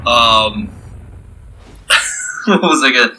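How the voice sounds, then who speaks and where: Male let's-play host, very bright tone, chatty and rambling, faint noise behind. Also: mid-range voice, animated, drawn-out words, poor audio. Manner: chatty, rambling with frequent restarts and laughs. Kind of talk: casual post-game chat.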